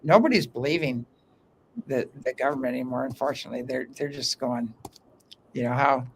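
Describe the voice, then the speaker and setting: A man talking as a guest in a casual interview, telling stories in an animated way with frequent restarts, speaking from an underground room. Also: mid-range voice, fairly quick, creaky, breathy edge. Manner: animated, talkative storyteller with many restarts.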